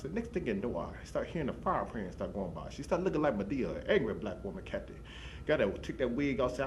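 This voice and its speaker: A man rattles through a rambling comic monologue at a rapid clip, looping back on repeated catchphrases. His voice sits at an ordinary pitch, with faint room noise behind him. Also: very animated. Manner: run-on storytelling with repeated catchphrases. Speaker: comedian.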